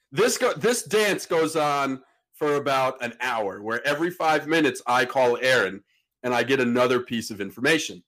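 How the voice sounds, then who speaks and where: Guy on a podcast telling a wild story, casual and animated, acts out the voices. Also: mid-range voice. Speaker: podcast host.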